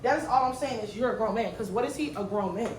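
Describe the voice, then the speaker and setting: A woman in her twenties telling a slangy, animated story while she cooks in her kitchen. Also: on the high side, quick pace, slight background noise. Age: 20s. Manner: animated, slangy, swings loud when retelling. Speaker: vlogger. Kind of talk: storytime vlog while cooking. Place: home kitchen. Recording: echoey room, mic at a distance.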